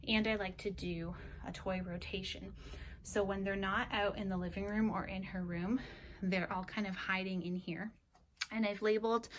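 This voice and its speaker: Breathy, out-of-breath young woman. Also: medium pitch, a bit bright, a little hiss or hum. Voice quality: breathy, half-whispered at times. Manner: chatty, explaining as she goes. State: out of breath, pregnant. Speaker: vlogger. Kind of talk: casual room-tour walkthrough. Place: indoors in a child's bedroom.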